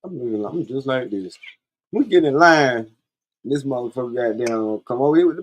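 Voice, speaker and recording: A man's voice: medium pitch, lively intonation, brisk. A man hosting a podcast, telling stories in a blunt, profane, laid-back way. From Columbia, South Carolina. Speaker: podcast host. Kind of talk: casual storytelling monologue.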